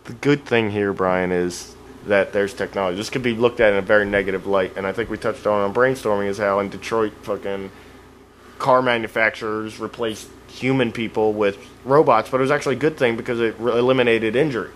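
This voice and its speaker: A man's voice: fairly low pitch, steady tone, a little fast, a little hiss or hum, poor audio. Rambling, earnest male podcast co-host. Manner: rambling, earnest, restarts sentences. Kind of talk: casual podcast chat.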